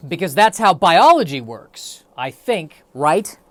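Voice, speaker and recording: A man's voice: on the high side, sing-song, slow, dry recording. A man hosting a solo podcast, rambling in a wry, self-deprecating way. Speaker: podcast host. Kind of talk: solo comedic podcast monologue.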